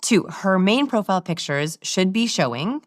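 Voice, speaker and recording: A woman in an interview, explaining body language in an animated, demonstrative way. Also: mid-range voice, moderate pace, dry recording, clean studio sound. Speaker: guest expert on body language.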